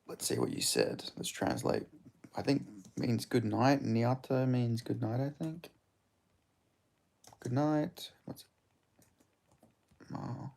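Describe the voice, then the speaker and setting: A man from Perth, Western Australia, with an Australian accent hosts a live fight watch-along stream, laid-back and swearing freely as he chats with viewers. His medium-pitched voice is very animated yet slow, creaky and dark-toned, with frequent pauses.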